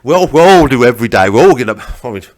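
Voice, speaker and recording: A man's voice: mid-range voice, expressive, rapid-fire, pitched below the performer's own voice, close to an everyday voice. A man playing a hapless English stand-up comic from Essex with a put-on English accent, rambling and stumbling while eagerly asking the crowd "right?". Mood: chummy. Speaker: comedian. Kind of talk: character stand-up comedy.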